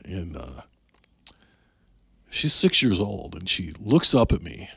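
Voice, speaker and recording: Man, middle-aged, deep husky voice, halting candid storytelling, dry room. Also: sing-song, a bit bright, no room sound. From Michigan. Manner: candid, halting, many fillers and restarts. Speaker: podcast guest, Navy and Army veteran. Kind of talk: casual storytelling.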